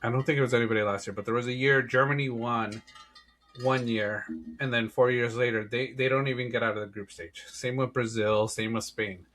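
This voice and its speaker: This podcast co-host talks soccer predictions in a relaxed, easygoing way, often saying "yeah" and restarting his sentences. His medium-pitched male voice moves a little fast, with fairly even intonation and a fairly bright tone.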